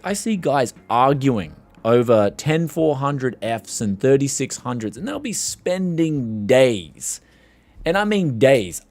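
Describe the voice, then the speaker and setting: A man's voice: medium pitch, no room sound. A man with a strained voice, hosting a tech livestream in rambling casual chat and reading out questions from viewers. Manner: rambling, animated, reads chat questions aloud. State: strained voice from yelling.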